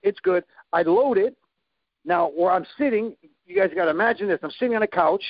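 A man telling a story in a casual chat, animated, acting out sound effects and quoted lines. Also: sits high, brisk, gravelly, no echo, lo-fi sound.

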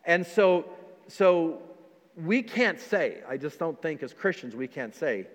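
A man's voice: fairly high pitch, animated, unhurried, big-room sound. A man preaching as pastor in a conversational sermon, with frequent fillers and restarts.

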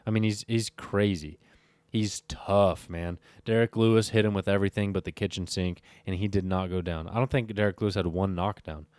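Man, very low voice, smooth and resonant, tired, rambling casual fight commentary, dry close sound. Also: steady tone, moderate pace, a little mellow, dry recording. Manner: rambling, self-correcting, often stops to recheck fight records. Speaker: MMA fight recap host.

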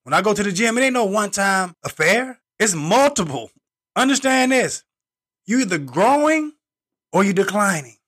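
A man delivers a motivational podcast monologue in a fairly high, bright, forceful voice. He talks in short, repeated slogans with a preacher's emphasis and swings between loud bursts and quiet asides. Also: very animated, moderate pace.

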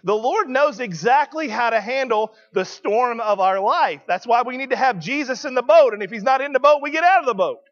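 A man's voice: extremely high pitch, animated, fairly quick, few pauses, a bit bright, muffled recording. A man preaching a sermon, emphatic and questioning the congregation.

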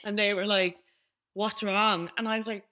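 A young Irish woman co-hosting a podcast, telling a self-mocking story in a lively, casual way. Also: medium pitch, moderate pace. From Ireland. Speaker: podcast co-host. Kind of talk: casual chat.

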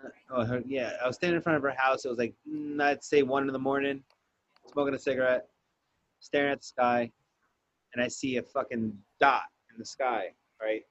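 A man's voice: mid-range voice, a little fast, no echo, highs cut off. A man telling a story in casual podcast chat, swearing freely and acting out the lines he quotes. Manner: profane, animated storyteller who acts out quotes.

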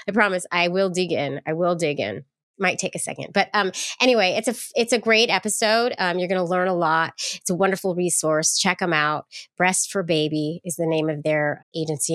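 A woman's voice: fairly low pitch, fairly bright tone, dry recording, studio quality. A woman hosting a podcast in a chatty, flippant way, laughing often as she talks. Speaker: podcast host. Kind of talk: casual podcast chat.

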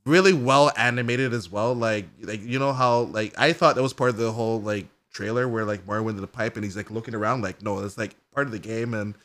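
A man's voice: lowish voice, fairly quick, hardly any pauses. A man co-hosting a casual gaming podcast, rambling through an event recap with lots of "like" fillers and acted-out reactions. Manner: rambling, heavy use of "like" fillers; excitable storytelling, acts out characters' reactions. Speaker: podcast co-host. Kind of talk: casual chat.

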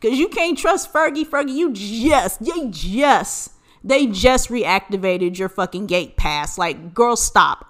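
A woman's voice: mid-range voice, animated, slow pace, a bit bright. An American woman hosting a podcast, ranting in casual, profanity-filled commentary. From United States. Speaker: podcast host.

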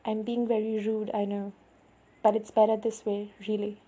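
A woman voicing a guarded, brooding teenage boy who speaks low, hushed and clipped. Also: monotone, normal speed, slightly rough, lightly acted. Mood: subdued.

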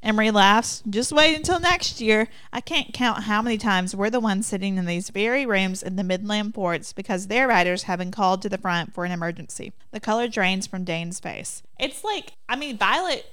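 A woman co-hosts a casual book podcast. She recaps chapters, reads passages aloud and drops chatty asides. Her voice is smooth and clear, recorded close and dry. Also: mid-range voice, normal speed, hardly any pauses, a bit bright, no echo. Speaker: podcast co-host.

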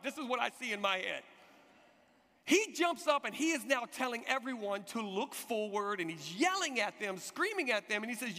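A man in his forties preaching a sermon, telling stories with energy and leading the congregation in call-and-response. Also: extremely high pitch. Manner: animated storytelling with call-and-response. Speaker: pastor. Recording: long hall reverb.

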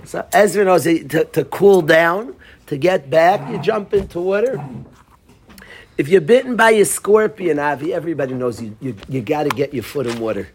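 A man's voice: a little high, moderate pace, slight background noise. A man teaching a Torah class, telling a story and quizzing his students by name.

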